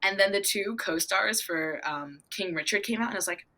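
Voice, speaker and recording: A teenage girl answering interview questions in a bubbly, storytelling way, acting out her own excited reactions. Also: mid-range voice, brisk. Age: teens. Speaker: young equestrian guest.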